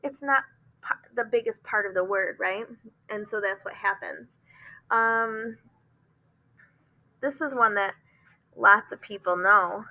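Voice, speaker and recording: Bright-voiced woman teacher explaining phonics. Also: medium pitch, low-quality recording. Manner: explanatory, frequent "um" fillers, slow demonstrations of words.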